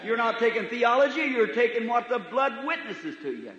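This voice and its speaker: A man preaching a sermon in a church hall, folksy in manner, swinging from loud to soft. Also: extremely high pitch, sing-song, moderate pace. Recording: echoey hall, dull 1950s tape recording.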